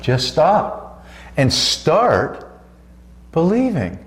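A co-host preacher on a Christian talk show delivers a fervent, emphatic sermon, drawing out his key words. His voice is fairly high with huge swings in pitch, and the recording has a roomy echo.

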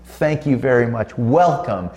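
A man's voice: medium pitch, lively intonation, darkish tone. A man preaching on a Christian talk show, fervent and emphatic, stretching out his key words. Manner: fervent, drawn-out emphatic delivery. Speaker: co-host preacher. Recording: roomy echo.

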